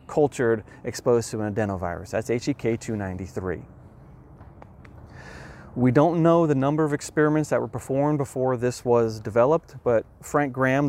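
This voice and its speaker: A man's voice: mid-range voice, darkish tone. Earnest man explaining science. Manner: earnest, emphatic, with measured pauses.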